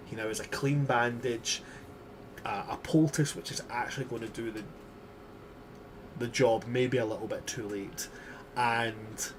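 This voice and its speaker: A man narrating a tabletop game as game master in a relaxed, casual way. The recording is noisy. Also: mid-range voice.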